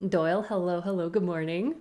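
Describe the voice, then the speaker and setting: A woman's voice: on the low side, steady tone, a little fast, dark tone. A woman streamer chatting casually on a live stream, greeting viewers one by one with rambling asides.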